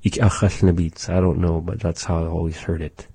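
Man, language teacher, deep dark husky voice, slow and measured, dry close sound. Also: steady tone, dry recording. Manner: slow and measured, with many filler "uh"s. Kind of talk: language lesson.

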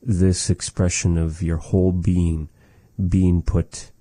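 Low, dark-voiced man teaching calmly. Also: dry recording. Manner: measured, thoughtful, with many fillers and pauses. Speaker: language teacher. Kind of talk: relaxed conversational language lesson.

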